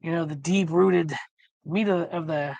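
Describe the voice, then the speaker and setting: A man co-hosting a casual livestream chat, rambling with many fillers and restarts while slowly losing his voice. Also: on the high side, steady tone, vocal fry, a little mellow, no echo. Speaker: livestream co-host.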